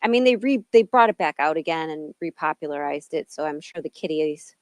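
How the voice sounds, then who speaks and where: Low-voiced chatty woman podcaster, middle-aged. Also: animated, fairly quick, dry recording. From Illinois. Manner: chatty, rambling with side tangents. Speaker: podcast co-host. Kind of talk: casual chat.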